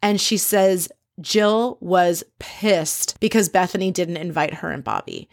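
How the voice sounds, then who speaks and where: A woman's voice: on the low side, unhurried, no room sound, clean studio sound. A woman casually recapping a reality show episode, chatty and opinionated, sometimes acting out what the cast said. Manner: chatty, opinionated, acts out quoted lines.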